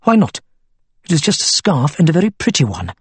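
A patient, soft-spoken elderly grandfather in a storybook, voiced by a man, measured and firm beneath the gentleness. The voice sits a little high with a breathy edge and a dry, close sound. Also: wildly swooping pitch, no room sound, full character voice. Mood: gentle.

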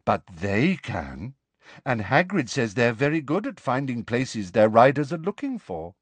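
A man voicing a dreamy, serene teenage girl who speaks in an airy, unhurried, matter-of-fact way. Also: medium pitch, sing-song, no echo, pitched above the performer's own voice.

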